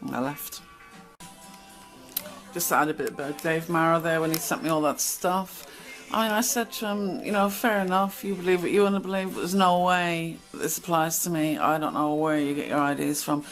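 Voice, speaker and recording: A woman's voice: low voice, moderate pace, soft background music, rough recording. Blunt, chatty woman storyteller. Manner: chatty, blunt, acts out quoted exchanges. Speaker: channel host. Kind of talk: casual storytelling monologue.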